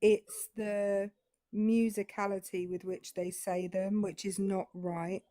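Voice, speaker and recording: A woman's voice: medium pitch, slow pace, dry recording, clean studio sound. A British woman with a British English accent, explaining in casual panel chat. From Britain. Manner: explanatory, lively, talks it through.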